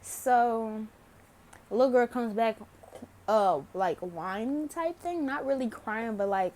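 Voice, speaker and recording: A woman's voice: a little high, expressive, takes it slowly, darkish tone, slight background noise. A young woman vlogging to camera, telling a story casually, laughing often and swearing freely.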